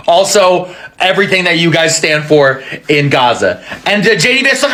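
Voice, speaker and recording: A man delivering a comedic rant with animated, exaggerated storytelling. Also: sits high, fast, few pauses.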